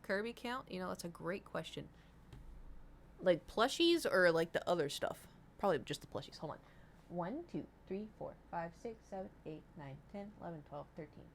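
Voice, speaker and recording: A woman's voice: fairly low pitch, expressive, moderate pace, slight background noise. A young woman streaming from home, chatting casually and rambling to her viewers, swearing now and then. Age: young adult.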